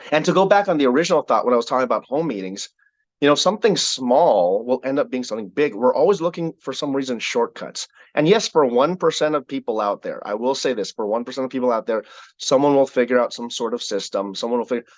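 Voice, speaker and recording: A man leading a sales team call, giving an energetic motivational talk with a repetitive, preacher-like cadence. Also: medium pitch, no echo, dull audio.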